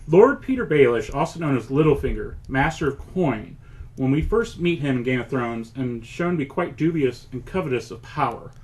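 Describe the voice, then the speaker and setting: A man hosting a podcast trivia game, reading multiple-choice questions and answers deliberately. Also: medium pitch, expressive, a little mellow, rough recording. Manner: reads answer options deliberately, with chuckles. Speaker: quiz host.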